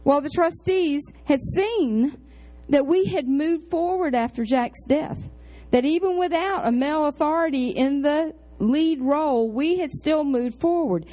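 A woman pastor tells a chatty story in a sermon, animated and full of high exclamations and low asides. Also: a little slow, poor audio.

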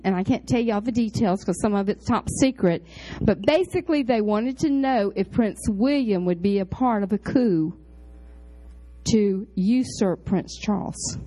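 A woman pastor tells a chatty story in a sermon, animated and full of high exclamations and low asides. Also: measured pace, faint music behind, rough recording.

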